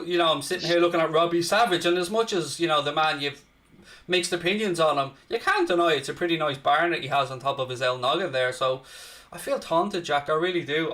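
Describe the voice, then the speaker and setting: Brash, bright-voiced man. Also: on the high side. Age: 30s. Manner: brash, crude, mock-boastful joking. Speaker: host. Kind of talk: live watchalong banter.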